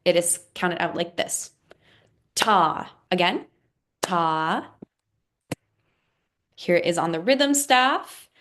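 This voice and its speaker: A woman's voice: lowish voice, fairly bright tone. A woman teaching a beginner music lesson, patiently explaining and counting rhythms aloud. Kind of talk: instructional explainer video.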